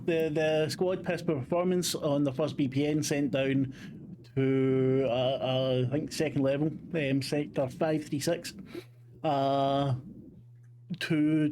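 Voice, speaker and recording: A man's voice: a little high, level tone, a little slow. A man running a tabletop game as game master, swearing a lot and recapping the story with many fillers. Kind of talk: casual chat and game recap narration. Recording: background noise.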